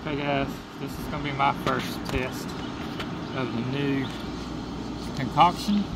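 A man's voice: medium pitch, steady tone, unhurried. A man, casually narrating his camping vlog and talking to viewers at a wooded campsite. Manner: easygoing, talks to viewers as guys. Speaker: camping vlogger. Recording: noisy outdoor camcorder audio.

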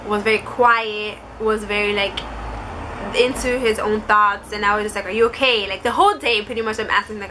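A woman's voice: a little high, bright, forceful tone, a little hiss or hum. A young woman vlogger telling a personal story to camera in a casual, chatty way, full of "like" fillers. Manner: chatty, many "like" fillers, quotes others in quick asides.

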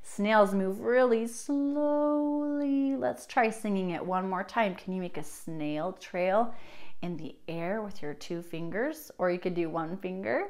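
A young woman teaching a children's music class, talking in a sing-song, animated way with gasps and playful prompts, and singing short rhymes. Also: medium pitch, slow. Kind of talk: kids' music lesson with songs.

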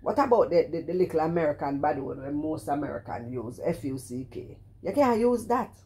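A middle-aged Jamaican woman talks in a low, mellow voice, running casual commentary. She scolds with animation, repeating her points and breaking into exclamations. Her patois flows loose and conversational. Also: a little fast, slight background noise. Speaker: vlogger commenting on another streamer.

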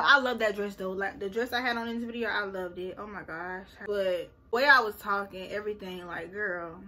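A woman chatting casually to her viewers in a reaction vlog, animated and swinging into low muttered asides. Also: fairly quick, hardly any pauses. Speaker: vlogger.

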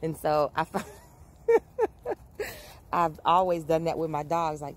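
A woman's voice: sits low, steady tone, a little slow, long pauses. A woman vlogging outdoors in her backyard early in the morning, chatting casually to camera, laughing often and breaking off to call and scold her dogs. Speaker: vlogger and dog owner.

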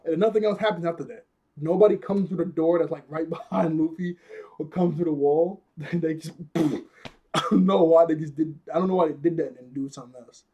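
A man's voice: on the high side, a little fast, warm tone, breathy edge, lo-fi sound. A young man casually recapping an anime episode, rambling, laughing often and restarting his sentences. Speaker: anime reviewer.

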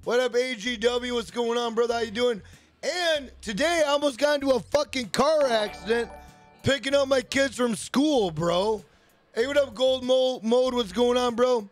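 High-voiced, foul-mouthed male streamer. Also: normal speed, faint music behind. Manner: profane, rambling storyteller greeting chat by name. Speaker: livestream host. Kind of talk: casual livestream chat.

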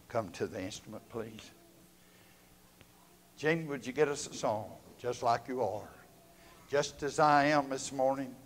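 Fervent Southern pastor in echoing church. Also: male voice, mid-range voice, a little slow, long pauses. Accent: Southern American. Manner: fervent preaching with sudden swells and drops in loudness. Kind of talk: sermon and prayer. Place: church sanctuary. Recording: long reverb of a church hall.

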